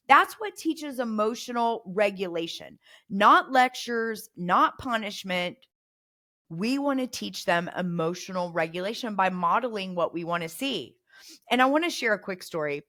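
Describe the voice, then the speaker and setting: A woman's voice: mid-range voice, lively intonation, normal speed, sharp tone. A middle-aged woman hosting a parenting podcast, coaching listeners and acting out example phrases to say to a child. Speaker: podcast host.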